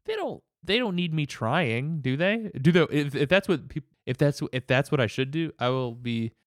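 Lively guy joking around in casual chat, stops and starts a lot, dry close sound. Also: fairly high pitch, normal speed, no echo. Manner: animated, hesitant, joking. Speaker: podcast co-host.

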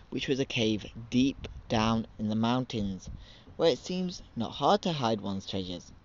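A man in a podcast telling an old myth in measured, storytelling narration. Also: mid-range voice, lo-fi sound, noisy background.

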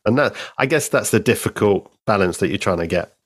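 A male podcast guest in casual chat about comics, speaking in a measured, thoughtful way with drawn-out phrases. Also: lowish voice, lively intonation, husky, no room sound, clean studio sound. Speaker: podcast guest, co-host of another show.

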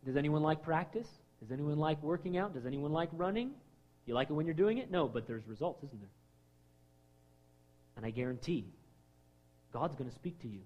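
Conversational preaching man, high voice. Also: lively intonation, moderate pace, long pauses, muffled recording. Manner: conversational preaching, acts out quoted voices, swings from loud to hushed. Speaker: pastor. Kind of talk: sermon.

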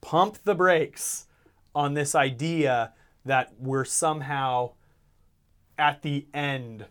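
A man co-hosting a casual podcast, talking in an animated way, teasing and laughing often. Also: a little high, slow pace, smooth. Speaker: podcast co-host.

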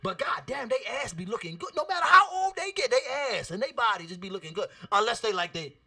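Podcast host, male, very high, lively pitch; profane, rambling monologue. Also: fast, vocal fry. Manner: profane, rambling, animated storytelling. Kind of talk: casual monologue.

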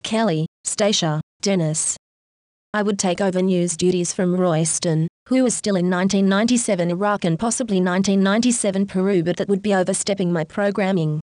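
A woman's voice: mid-range voice, fairly quick, darkish tone, no room sound, natural voice. A woman voicing a sarcastic robot newsreader with a dry, mock-formal delivery. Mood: wry. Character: smug female robot news announcer. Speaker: podcast segment robot.

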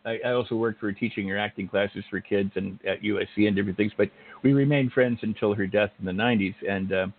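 Gravelly older host, chatty and rambling. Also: male voice, lowish voice, steady tone, fast. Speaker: interview host. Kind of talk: casual interview chat. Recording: phone-like narrow audio.

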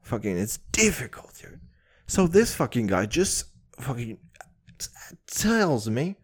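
A man's voice: mid-range voice, a little slow, slightly rough. A young man from Kazakhstan, telling a heated story in a casual rant, swearing constantly and calling everyone dude. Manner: heated, animated, laughs at his own story.

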